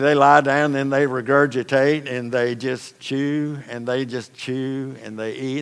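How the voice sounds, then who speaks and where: Slow-spoken preacher man in a reverberant hall. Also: medium pitch. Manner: conversational, storytelling, folksy asides. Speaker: pastor. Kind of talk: sermon. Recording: long reverb of a large hall.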